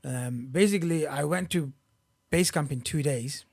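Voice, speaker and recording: Young man, podcast guest, slightly raised voice, animated anecdote teller. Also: fairly high pitch, moderate pace, creaky. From Oldham, England. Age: young adult. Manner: animated storyteller who acts out other people's words. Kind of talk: casual chat.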